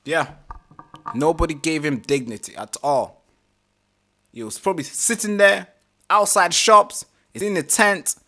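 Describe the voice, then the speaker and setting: A man hosting a live reaction stream, talking casually, animated and exasperated, swearing freely. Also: a little high, unhurried, long pauses.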